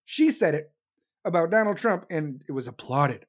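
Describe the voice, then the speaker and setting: A man's voice: sits high, big pitch swings, moderate pace, a bit bright. A man delivering a profane, sarcastic political rant as commentator. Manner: angry, sarcastic, mocking.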